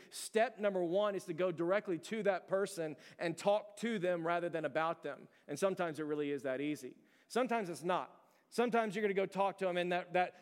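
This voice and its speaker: A male pastor preaches in a fairly high, smooth and resonant voice. His delivery is conversational and earnest, with emphatic storytelling. The sound carries a long reverb, as if from a large church hall. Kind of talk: sermon.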